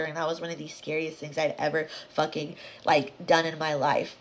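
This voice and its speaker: Animated woman telling a spooky story. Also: fairly low pitch, a little fast. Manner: dramatic, animated, swears and addresses viewers directly; drops to hushed whispers for suspense. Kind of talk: casual spooky story time to camera.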